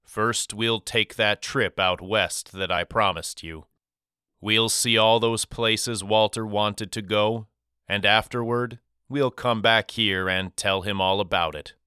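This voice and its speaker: A man voicing a loving, soft-spoken father talking to his two sons in an audiobook. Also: on the low side, steady tone, takes it slowly, clean tone, no room sound, clean studio sound. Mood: reassuring. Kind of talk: audiobook character reading.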